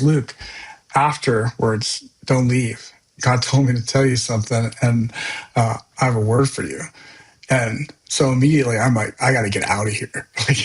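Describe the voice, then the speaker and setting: A man's voice: medium pitch, rough recording. A man as a podcast guest, telling a personal testimony in an earnest, candid, loosely conversational way.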